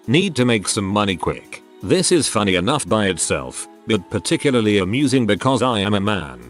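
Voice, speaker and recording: A man reading online stories aloud as scripted narration, in a lively storytelling manner. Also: lowish voice.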